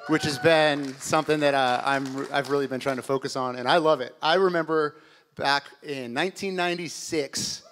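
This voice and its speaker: A man's voice: fairly high pitch, moderate pace, fairly bright tone, slight background noise. A man who is a church worship director, speaking with wry, self-deprecating humor at a service. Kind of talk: church announcement interview.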